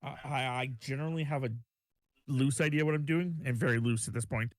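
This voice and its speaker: A man narrating a tabletop game as game master, making it up as he goes, halting and restarting. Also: mid-range voice, no echo.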